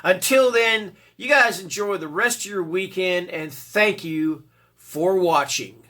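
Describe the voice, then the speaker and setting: A man's voice: high voice, slow, sharp tone. A man giving a casual, rambling spoken book review, full of fillers and checking in with "all right?". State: occasional cough and throat clearing.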